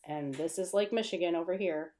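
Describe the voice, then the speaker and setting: A woman's voice: fairly low pitch, fairly quick, mellow. A woman hosting a casual live stream from her desk at home, chatting in a rambling way, reading viewer comments aloud and laughing at her own stumbles. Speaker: livestream host.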